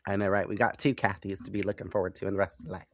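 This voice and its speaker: A young man co-hosting a casual podcast, animated and giggly, swearing casually as he chats. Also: sits low, racing, no room sound, studio quality. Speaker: podcast co-host.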